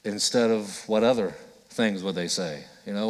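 A man's voice: lowish voice, moderate pace. Male pastor, earnest sermon, conversational, acts out quotes, echoing church hall. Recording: long hall reverb.

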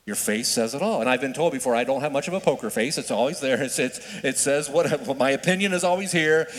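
A man's voice: mid-range voice, fast, long reverb tail, rough recording. A man preaching a conversational sermon, peppering it with rhetorical questions and often restarting his sentences. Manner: stumbles and restarts mid-sentence. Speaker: pastor.

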